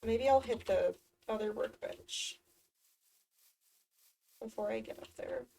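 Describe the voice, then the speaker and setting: A woman's voice: a little high, slow pace, gravelly, dark tone, far from the mic. A woman streamer talking to herself during a game, swearing often and easily exasperated. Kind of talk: casual gameplay commentary.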